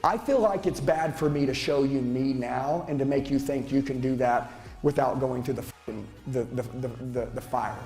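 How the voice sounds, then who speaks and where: A man's voice: medium pitch, normal speed, darkish tone, faint music behind. A middle-aged man giving a profane, intense motivational seminar speech as a sales trainer, lecturing a live audience on a handheld mic.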